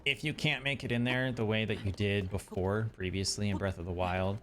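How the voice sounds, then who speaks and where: A man's voice: fairly low pitch, fairly even intonation, a little fast, slight background noise. A man streaming a video game, chatting casually and thinking aloud as he plays. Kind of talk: casual gameplay commentary.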